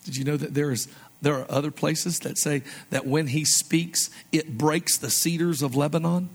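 Pastor, man, high-pitched, animated conversational sermon delivery with soft low asides. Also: normal speed, slightly rough.

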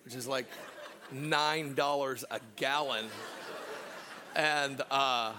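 A middle-aged man, a pastor, preaching a sermon through a personal story, swinging from loud laughing asides to hushed, slow moments. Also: mid-range voice, steady tone, noisy background.

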